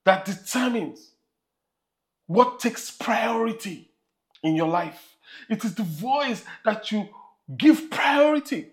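Nigerian preacher, emphatic sermon delivery, slow measured pace, swooping lively pitch.

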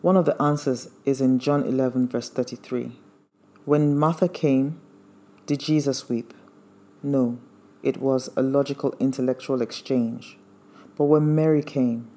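Earnest mellow-voiced male preacher. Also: mid-range voice, fairly even intonation, measured pace. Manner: earnest, emphatic, quoting scripture. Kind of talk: sermon.

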